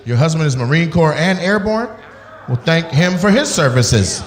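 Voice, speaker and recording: A man doing crowd work on stage, loud and animated, acting out voices as he riffs with the audience. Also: a little high, moderate pace. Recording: echoey venue with loud ambience.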